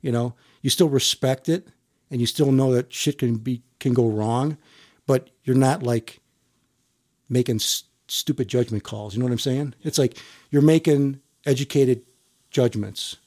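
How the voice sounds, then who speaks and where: A middle-aged man and firefighter telling a story in an interview, rambling and halting, repeating words and chuckling often. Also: medium pitch, darkish tone.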